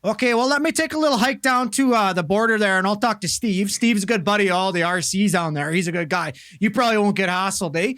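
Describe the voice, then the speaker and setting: A man's voice: high voice, fast, hardly any pauses, a bit bright. A man doing a laid-back folksy Canadian guy. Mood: easygoing. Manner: drawling, easygoing, folksy.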